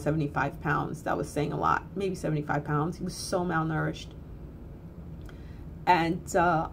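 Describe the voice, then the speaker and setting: A woman's voice: on the low side, slight background noise. A woman telling a story in a casual, blunt, earthy way, swearing freely and repeating phrases for emphasis. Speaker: spiritual teacher.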